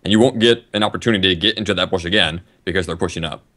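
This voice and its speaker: A man with a very deep voice explains lane strategy on a gaming podcast. He talks quickly and keeps the chat casual. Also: pushed and bright. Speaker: podcast panelist.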